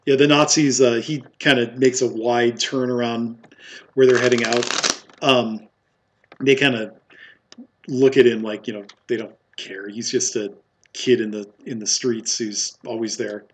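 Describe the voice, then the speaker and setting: A man's voice: mid-range voice, steady tone, unhurried, slight background noise. A man running a tabletop game as game master, narrating with many fillers and frequent laughs.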